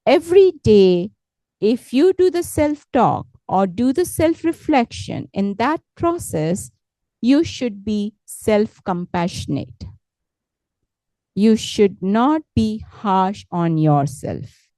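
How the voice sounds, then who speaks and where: A woman teaches positive thinking in an unhurried, gentle way, stopping often to check that her listeners follow. Her voice is soft and mellow, and the recording is dry and close. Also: medium pitch, no echo. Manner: slow, patient, repeats words and asks "correct?"; gentle, encouraging. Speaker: meditation instructor. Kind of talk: guided talk on positive thinking.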